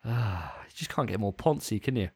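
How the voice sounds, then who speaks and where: A young man chats on a podcast in a relaxed, joking way. His pitch rises and falls freely. He pokes fun at himself as he tells his stories. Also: normal speed, breathy edge. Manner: self-mocking, jokey storytelling. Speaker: podcast co-host. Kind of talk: casual chat.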